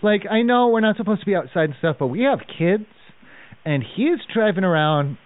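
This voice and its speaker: Lively hesitant man on a phone line. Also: high voice, fairly quick. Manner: hesitant, mock-concerned. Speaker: prank caller. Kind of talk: prank phone call.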